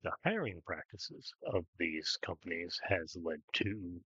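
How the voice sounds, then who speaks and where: A man's voice: low-pitched, animated, a little slow, sharp tone, husky, dry recording, muffled recording. A man hosting a daily gameplay video, thinking aloud in casual commentary with many ums and "right?"s.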